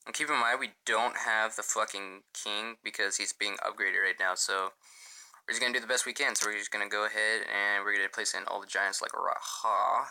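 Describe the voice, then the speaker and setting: Young dude swearing nonstop telling stories, super bright sharp voice, says like a lot. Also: male voice, fairly low pitch, fairly even intonation, fairly quick. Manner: profane, rambling, heavy on filler "like". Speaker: gaming channel host. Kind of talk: casual storytime vlog.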